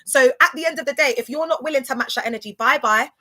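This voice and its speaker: A woman's voice: high voice, fast, sharp tone. Sassy woman livestreaming. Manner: sassy, emphatic, stammers and repeats words. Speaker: live streamer. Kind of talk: casual livestream chat.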